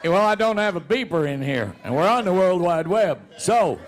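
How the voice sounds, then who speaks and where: A man's voice: high voice, big pitch swings, normal speed. A man and show regular telling a funny story in a folksy way, laughing as he goes. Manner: folksy, laughs through his own story. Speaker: rodeo announcer and show regular. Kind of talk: comic storytelling.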